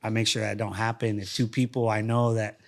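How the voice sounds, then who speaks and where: A man with a slightly low, easygoing voice tells stories in a relaxed studio interview. He often restarts his sentences and repeats words as he talks. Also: a little fast, creaky. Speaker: guest, former fighter and coach. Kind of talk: casual interview storytelling. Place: podcast studio.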